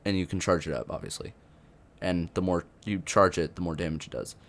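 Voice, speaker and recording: A man's voice: sits low, a little fast. A young man giving unscripted commentary on a video game update, rambling with many fillers and restarts. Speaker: gaming youtuber.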